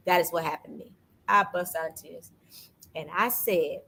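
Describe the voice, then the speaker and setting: A woman hosting a casual faith talk, telling a personal story with lively energy and acting out what people said to her. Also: lowish voice, a little fast, creaky, slightly rough, rough recording. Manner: animated storytelling, acts out quoted voices. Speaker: podcast host. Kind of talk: casual faith testimony chat.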